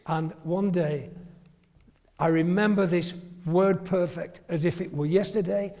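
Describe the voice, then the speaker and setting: Older English raconteur, gravelly, high for a man; comic after-dinner stories, heavy hall reverb. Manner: animated, comic storyteller who acts out quoted voices. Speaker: retired family doctor telling anecdotes.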